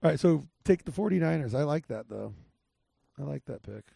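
A man's voice: fairly high pitch, lively intonation, fairly quick, vocal fry, mellow, breathy edge, no echo, studio quality. A man hosting a podcast, rambling casually through game picks with lots of restarts and filler. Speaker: podcast host. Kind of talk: casual sports betting chat.

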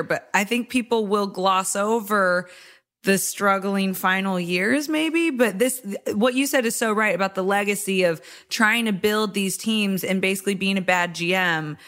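A woman's voice: medium pitch, a bit bright. A woman co-hosting a sports talk show who chats casually and thoughtfully, hedging her points with "like" and "I think".

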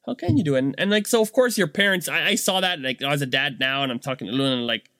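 A man's voice: medium pitch, fast, pushed and bright, dry recording, studio quality. A man in his thirties, a business owner and dad, talking casually and full of fillers and rhetorical "right?" checks. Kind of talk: casual monologue.

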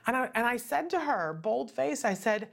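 A woman's voice: on the high side, sing-song, normal speed, gravelly. A middle-aged woman hosting a talk show, speaking earnestly and conversationally and often checking in with "right?". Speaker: host. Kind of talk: casual talk show monologue.

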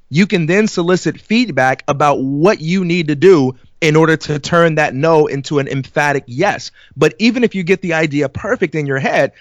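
A man's voice: a little high, no room sound. A man co-hosting a podcast, chatting casually and telling stories, acting out quoted exchanges and laughing often. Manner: storytelling, acts out quoted exchanges. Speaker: podcast co-host.

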